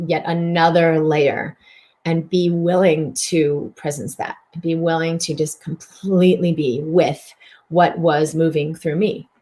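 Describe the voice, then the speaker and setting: Expressive woman with a lowish voice. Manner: expressive, slips into voicing inner thoughts with big pitch swings; repeats words for emphasis. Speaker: host and physician. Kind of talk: mind-body self-help broadcast.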